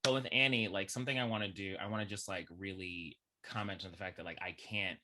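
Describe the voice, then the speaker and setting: A young man talking as a podcast guest in a casual, animated chat full of filler words. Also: low voice, quick pace. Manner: animated, chatty, heavy use of filler words.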